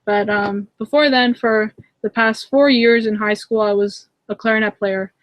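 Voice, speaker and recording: A woman's voice: medium pitch, fairly even intonation, moderate pace, no echo. A young woman hosting a casual live hangout from home, giggling often and chatting with lots of fillers and restarts as she answers viewers. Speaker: channel host answering viewer comments. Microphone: webcam in a live video hangout.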